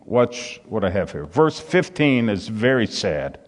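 A man's voice: on the low side, sing-song, unhurried, few pauses. A man preaching in a hall with a long echo trailing his words. He reads scripture aloud and pushes up into fervent emphasis as he drives home his points. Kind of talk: sermon.

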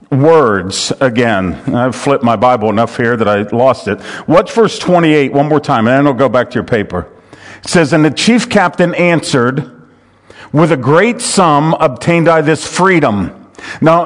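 Bible study teacher, male, a little higher voice, earnest, restarts a lot. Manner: earnest, repeats words as he restarts phrases.

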